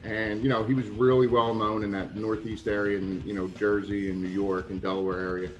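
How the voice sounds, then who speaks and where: Animated man telling wrestling stories. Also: fairly low pitch, brisk, muffled recording. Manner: animated anecdotes, acts out quoted voices, swears. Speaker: retired pro wrestler, guest. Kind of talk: casual storytelling interview.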